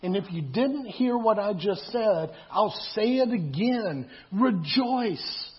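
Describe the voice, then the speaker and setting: A man's voice: high voice, animated, slow. A man preaching a sermon in a conversational way, repeating himself and asking rhetorical questions. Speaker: pastor. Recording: dull lo-fi sound.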